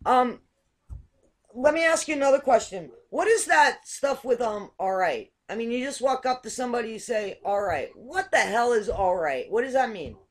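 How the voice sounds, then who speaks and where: A woman's voice: a little high, expressive, moderate pace. A woman hosting a casual chat show, curious and asking question after question. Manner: curious, asks many questions. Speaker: host.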